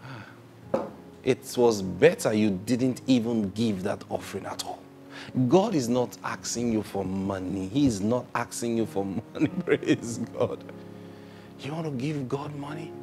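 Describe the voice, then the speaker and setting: A male pastor preaching a sermon, swinging between loud emphatic bursts and soft near-whispers. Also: mid-range voice, a little slow, music in the background.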